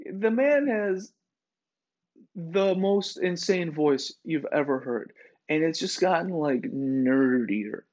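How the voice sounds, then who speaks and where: A man's voice: on the high side, lively intonation, slow, darkish tone. A man hosting a podcast, ranting in a sarcastic, profane, rambling way full of fillers. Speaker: podcast host. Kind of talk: casual ranting monologue. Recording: dull lo-fi recording.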